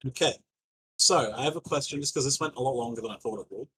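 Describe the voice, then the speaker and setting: A man's voice: medium pitch, quick pace, sharp tone, breathy edge, poor audio. A man running a tabletop game as game master, narrating loosely with many fillers and casual swearing.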